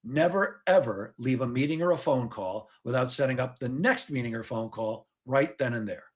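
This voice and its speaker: A man giving sales advice in a conversational interview, animated and joking, acting out sales calls as he tells them. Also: medium pitch, moderate pace. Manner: joking, facetious asides. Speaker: sales trainer guest.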